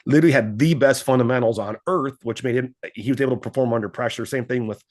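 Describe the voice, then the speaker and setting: Fast-talking, animated man telling stories. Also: medium pitch. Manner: animated storyteller acting out quoted voices. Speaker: guest, finance coach. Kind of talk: casual interview talk.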